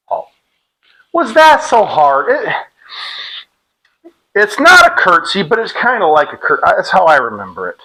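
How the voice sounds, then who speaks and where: A man's voice: high voice, wildly swooping pitch, unhurried, long pauses, sharp tone, low-quality recording. A middle-aged man leading a workout drill in a casual, joking way, calling out cadence counts with a clip-on mic. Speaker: fitness instructor. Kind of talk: demonstrating an exercise drill.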